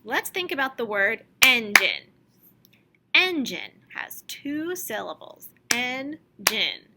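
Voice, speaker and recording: A woman with a fairly high-pitched voice teaches a recorded music lesson to young children, explaining slowly and clearly and chanting rhythm syllables for them to copy. The recording is very noisy.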